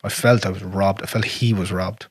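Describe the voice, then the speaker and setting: Irish male podcast host, raspy, quick, blunt and profane, dry close sound. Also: low voice, steady tone, no room sound. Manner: frank and profane, drops to a near whisper on painful memories. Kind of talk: casual conversation.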